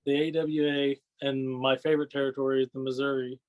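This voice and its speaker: A man's voice: medium pitch, flat delivery, fairly quick. A man guesting on a podcast, rambling through stories in casual chat, often adding "you know what I mean" and laughing. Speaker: podcast guest, wrestling fan.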